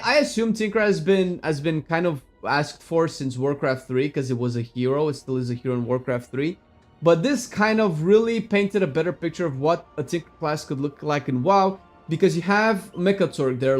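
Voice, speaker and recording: A man rambles excitedly as a gaming streamer, chatting casually in a mid-range voice. He swears loosely and now and then bursts into sudden shouts.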